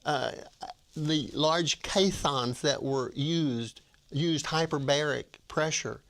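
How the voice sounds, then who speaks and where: A man's voice: on the high side, slow, a bit bright. An older man, a retired professor, talking about his book as a guest in an interview, with frequent restarts and fillers. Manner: hesitant, many restarts and fillers. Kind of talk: casual interview talk.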